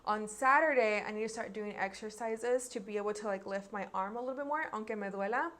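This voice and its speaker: A woman's voice: mid-range voice, a little fast, a bit bright. A young woman with a Mexican American accent chatting casually to her viewers in a vlog, mixing Spanish into her English. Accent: Mexican American, switching into Mexican Spanish. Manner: chatty, mixes English and Spanish mid-sentence. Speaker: makeup vlogger.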